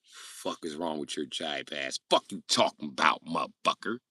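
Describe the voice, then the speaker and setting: Bright, animated, foul-mouthed male streamer. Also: a bass voice, normal speed, no room sound, studio quality. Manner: crude, profane, joking. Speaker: livestreamer. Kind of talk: casual live-stream chat.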